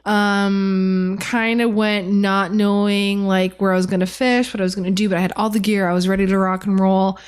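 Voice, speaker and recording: A woman guest on a podcast, telling a fishing story in a casual, animated way with many fillers. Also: mid-range voice, normal speed, hardly any pauses, clean tone.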